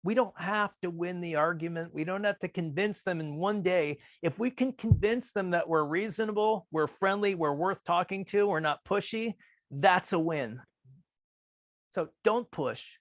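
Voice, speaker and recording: A man giving a talk on persuasion, speaking in a calm, measured way and acting out quoted remarks with changes in pitch. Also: no room sound, studio quality. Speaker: workshop presenter. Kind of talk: presentation on persuasive communication.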